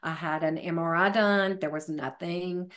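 Chatty woman telling a story, lowish voice. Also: fairly even intonation, a little slow, fairly bright tone. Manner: chatty, many fillers, quotes others in her story. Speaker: podcast guest, fitness professional. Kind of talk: casual interview storytelling.

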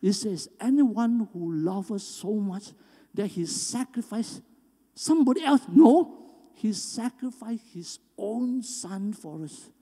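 Man, pastor, emphatic sermon, warm dark tone, long church reverb. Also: high voice, expressive, slow pace, slightly rough. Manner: earnest, emphatic preaching with rising stresses. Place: church sanctuary.

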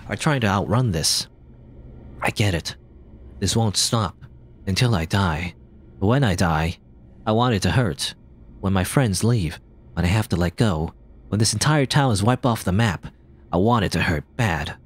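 A man hosting a let's play, reading game dialogue aloud and commenting in a playful, animated way. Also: low voice, a little slow, long pauses. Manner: animated, playful, voices characters.

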